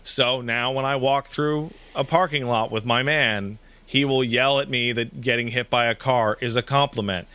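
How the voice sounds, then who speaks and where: A man in his thirties, a podcast co-host, telling a family story in casual chat, animated and swearing freely. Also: mid-range voice, moderate pace, few pauses.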